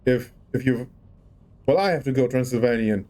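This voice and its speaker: A man's voice: mid-range voice, normal speed, warm tone. A man casually chatting on a livestream while playing a game, musing and rambling as he tries out rolled R's. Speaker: game streamer.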